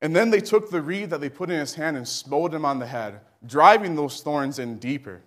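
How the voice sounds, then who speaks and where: A man preaching a sermon with fervent delivery that climbs to shouting. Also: fairly high pitch, animated, normal speed.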